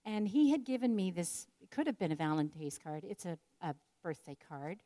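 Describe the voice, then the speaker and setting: A woman's voice: on the low side, very animated, normal speed, dark tone. An older woman telling a personal story in an earnest, reflective devotional talk. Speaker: speaker sharing a personal story.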